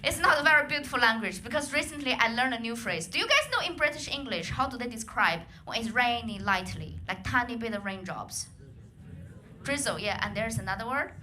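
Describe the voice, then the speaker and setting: Bright high Chinese-accented woman comic. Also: a little fast, a little hiss or hum. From China. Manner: animated, lively voice acting of others. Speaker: stand-up comedian. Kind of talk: stand-up comedy set. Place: comedy club stage.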